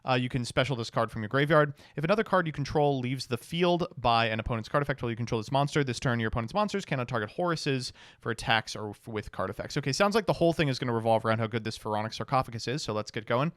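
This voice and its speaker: A streamer reading card text aloud in a casual review, stopping for blunt, swearing reactions. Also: male voice, mid-range voice, racing, few pauses, a bit bright, dry recording, studio quality.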